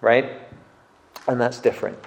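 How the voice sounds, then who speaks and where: Animated preacher in an echoey hall. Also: male voice, medium pitch, measured pace, creaky. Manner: animated, acts out crowd voices. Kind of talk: sermon. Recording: echoey room.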